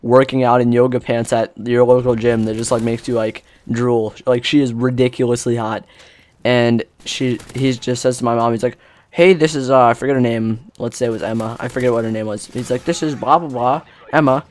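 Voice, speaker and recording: A man's voice: medium pitch, level tone, a little fast, darkish tone. Teen guy gaming commentator, chatty storyteller, loose and rambling, acts out other people. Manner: rambling, filler-heavy, acts out quotes. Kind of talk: casual storytelling over gameplay.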